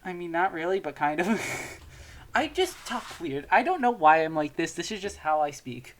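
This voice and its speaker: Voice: medium pitch, sing-song, normal speed. A young adult streamer chatting casually, laughing often, rambling and swearing freely.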